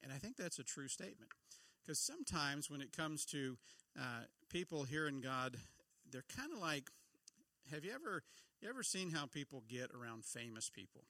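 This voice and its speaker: Gravelly middle-aged man preaching. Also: a little high, big pitch swings, normal speed, sharp tone, dry recording. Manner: conversational, asks the audience questions. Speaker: pastor. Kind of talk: sermon.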